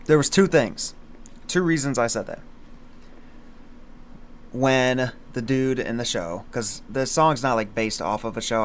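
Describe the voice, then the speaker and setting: On the low side, this young man's voice comes with a little hiss or hum. He's a streamer in casual livestream chat, rambling with lots of fillers and slang while he breaks down lines from his own song.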